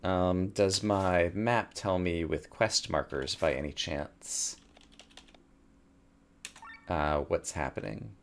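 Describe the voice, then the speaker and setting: A man's voice: deep voice, slow pace, long pauses, a little hiss or hum. A man hosting a let's play, reading the game's dialogue aloud and adding wry comments. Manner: reads game text aloud and comments wryly.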